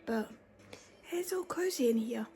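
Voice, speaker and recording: Croaky, high-voiced woman vlogging. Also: animated, measured pace, dark tone, soft background music. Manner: rambling and chatty, with emotional swings. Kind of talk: casual chat. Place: her bedroom.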